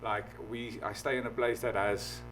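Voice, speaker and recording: A man hosts a podcast in a loose, excitable way, casual and profane as he chats. Faint music plays behind him, and his voice stays at an ordinary middle pitch. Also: normal speed. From not from the United States. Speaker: podcast host. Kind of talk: casual conversation.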